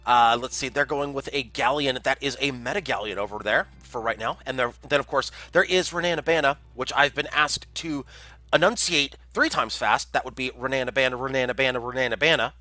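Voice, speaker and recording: A man's voice: mid-range voice, normal speed, bright, forceful tone, no echo. A man casting a community game tournament on a livestream, chatty and jokey, reading out chat messages. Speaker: tournament caster.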